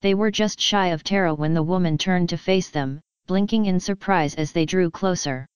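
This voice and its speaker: Woman, story narration, steady, lowish pitch, very clear, dry sound. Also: normal speed, no room sound, rough recording. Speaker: story reader. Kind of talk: scripted narration.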